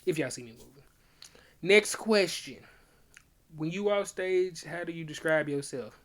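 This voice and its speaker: A man's voice: on the high side, expressive, measured pace, fairly bright tone. A young man, a comedian hosting his own podcast, telling stories in loose slang and acting out both sides of old arguments in casual livestream chat.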